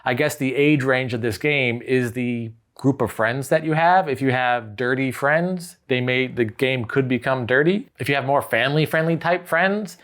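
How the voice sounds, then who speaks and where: A man co-hosting a board game review, explaining the rules in a steady, casual way. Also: medium pitch, normal speed, hardly any pauses. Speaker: board game show co-host.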